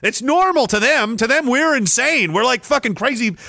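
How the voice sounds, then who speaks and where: A man's voice: very high voice, expressive, normal speed, vocal fry, background noise. A young adult man hosting a podcast, ranting sarcastically with profanity and rambling asides. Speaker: podcast host. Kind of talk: casual ranting commentary.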